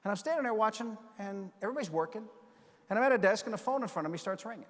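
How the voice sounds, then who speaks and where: An older man from the United States giving a storytelling keynote speech, animated and acting out the voices in his stories. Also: high-pitched, racing. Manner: animated, acts out quoted voices. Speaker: keynote speaker. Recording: long reverb of a large hall.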